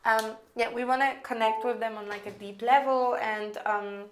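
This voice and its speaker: A woman teaching copywriting in a casual, chatty way, thinking out loud with lots of fillers as she walks through an email draft. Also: a little high, steady tone, normal speed, echoey room. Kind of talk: casual screen-recorded lesson.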